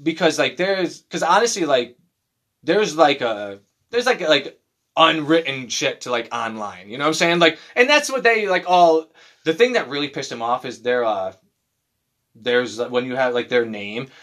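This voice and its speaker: A man in casual chat who tells profane, animated stories and mimics other people in mocking voices. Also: a little high, normal speed.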